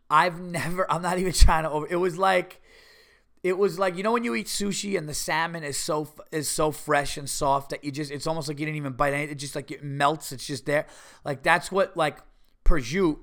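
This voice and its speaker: Gravelly man rambling through a story. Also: a little high. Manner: rambling, animated, with many restarts and mock voices. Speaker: podcast host. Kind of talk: casual storytelling.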